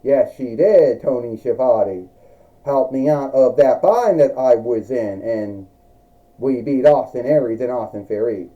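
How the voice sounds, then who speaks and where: A man voicing a proud male starship captain turned wrestler, who speaks in a halting, hesitant way. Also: medium pitch, animated, natural voice. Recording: dull lo-fi recording.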